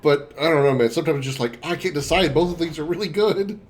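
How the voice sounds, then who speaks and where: A man's voice: fairly high pitch, quick pace. A male streamer chatting casually and laughing as he comments on a game he is playing, swearing now and then. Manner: chatty, giggly, profane.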